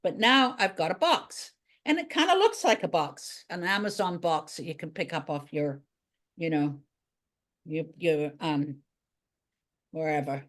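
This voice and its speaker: A woman's voice: sits low, lively intonation, unhurried. A woman art teacher giving a drawing tutorial, talking chattily and thinking aloud as she draws.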